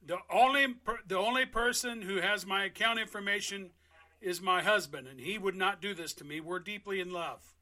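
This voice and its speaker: Flamboyant high-voiced man on a prank call. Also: normal speed. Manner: flamboyant, theatrical, bursts into yelling. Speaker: scam-baiting prank caller.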